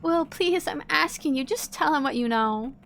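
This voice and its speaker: A woman's voice: normal speed, gravelly. A woman voicing an anxious young woman who pleads with her friends to stop fighting, while reading game dialogue aloud. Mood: pleading. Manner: pleading, higher and gentler.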